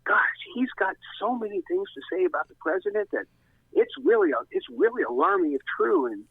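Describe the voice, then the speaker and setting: A man imitating a fretful, earnest male Christian radio host in a high, wavering and unsure voice. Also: huge pitch swings, brisk, creaky, husky, dry recording, full character voice. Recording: tinny phone line.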